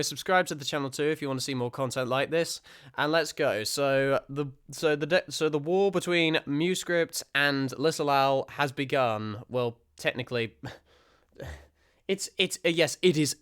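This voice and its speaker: A man rambling excitedly through his reaction commentary, often restarting his sentences. His voice is fairly high and very clear. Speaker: reaction video host.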